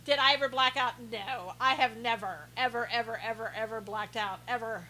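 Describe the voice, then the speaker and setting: A woman with a high, bright voice chats through a live stream, playfully sarcastic and quick to laugh. She answers her viewers' comments one by one in a teasing, mock-serious way. A faint hum sits under her voice. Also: low-quality recording.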